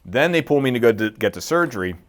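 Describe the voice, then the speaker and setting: A man's voice: medium pitch, sing-song, fast talker. A middle-aged man telling a war story in a casual interview, acting out quotes and swearing freely. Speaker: guest, military veteran.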